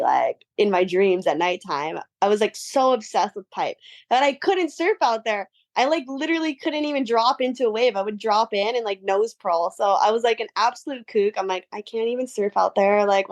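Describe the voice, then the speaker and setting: A young woman from Hawaii telling a story casually, bubbly and animated, with "like" in nearly every phrase. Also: medium pitch. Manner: animated, bubbly, heavy use of "like". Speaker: guest, pro surfer.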